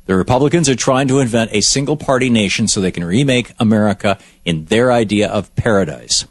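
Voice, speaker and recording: A man's voice: on the low side, brisk, no room sound. A man hosting a talk show who delivers political commentary in an emphatic, storytelling way. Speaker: radio talk show host.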